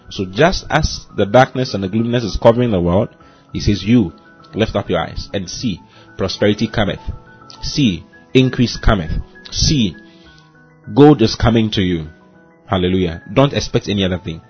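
A man pastor delivers a short devotional sermon in a somewhat low, husky voice. He preaches with emphasis, circling back to the same phrases again and again. The recording sounds dull and lo-fi, with faint music underneath. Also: normal speed. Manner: emphatic preaching, repeats phrases, says "you see" and "hallelujah" often. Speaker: pastor and host.

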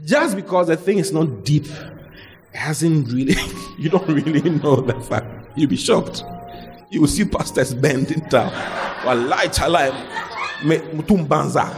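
A man preaching a lively sermon, mixing humor and acted-out quotes. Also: on the high side, measured pace, long reverb tail, music in the background. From Ghana. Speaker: pastor.

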